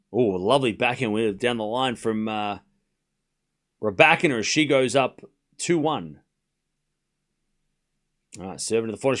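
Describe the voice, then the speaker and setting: A man hosting a live tennis watchalong, giving informal play-by-play that rises to excited shouts on big points. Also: medium pitch. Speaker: host calling a live watchalong stream.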